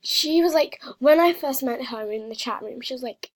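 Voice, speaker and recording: A woman's voice: high voice, moderate pace, dry recording. A woman chatting casually over a gaming video, dramatic and teasing, often dropping into a half-whisper. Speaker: vlogger. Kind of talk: casual gaming vlog commentary.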